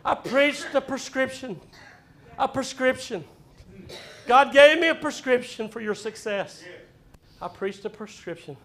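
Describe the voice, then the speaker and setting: A man preaching in a church, exuberant, shouting praises and singing in between. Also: very high voice, expressive, measured pace, long pauses. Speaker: pastor. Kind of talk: sermon. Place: church sanctuary.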